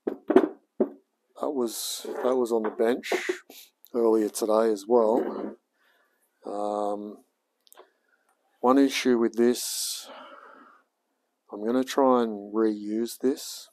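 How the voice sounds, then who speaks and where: A man's voice: fairly low pitch, fairly even intonation, extremely slow, long pauses, darkish tone. An Australian man in his forties, a hobby mechanic chatting casually on a livestream as he works in his home workshop and talks to himself. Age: 40s. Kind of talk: casual livestream chat while working.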